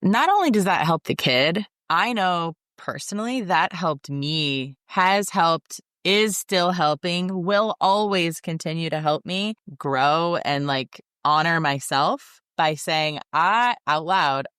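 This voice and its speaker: Female podcast host, low-pitched, casual and wry, dry close sound. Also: lively intonation, slow pace, few pauses, fairly bright tone, clean tone, no room sound. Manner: chatty, wry, many fillers. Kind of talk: casual interview chat.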